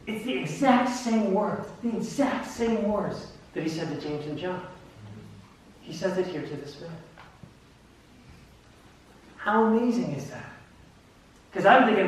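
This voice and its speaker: A man's voice: high-pitched, normal speed. Guy preaching a sermon, acts out the voices, trips over his words a lot, sounds far off in a big echoey room. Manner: animated storytelling, acts out voices, stammering restarts. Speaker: pastor. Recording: echoey church hall from far off.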